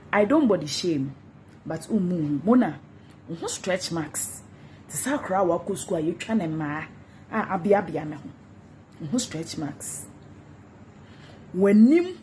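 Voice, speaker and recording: A woman's voice: lowish voice, dark tone, a little hiss or hum. Mocking Ghanaian woman ranting. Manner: mocking, insulting, repetitive taunts. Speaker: social media commentator. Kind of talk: gossip rant vlog.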